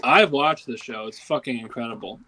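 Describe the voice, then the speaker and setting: Rambling co-host with the hiccups. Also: male voice, medium pitch, brisk, bright, forceful tone, poor audio. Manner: rambling, lots of "like" and restarts. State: has the hiccups. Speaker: podcast co-host. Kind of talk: casual podcast chat.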